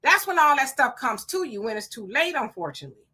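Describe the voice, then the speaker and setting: A middle-aged woman, hosting a live stream, reading viewer comments and telling stories in an animated, emphatic way; she is hot and sweating. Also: high-pitched, fast, breathy edge. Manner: animated storyteller, emphatic and preachy when warning.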